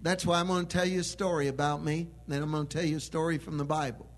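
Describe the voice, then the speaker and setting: A man preaching a sermon with emphatic delivery that swells into loud proclamation. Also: on the high side, little pitch movement, fast talker, slight background noise.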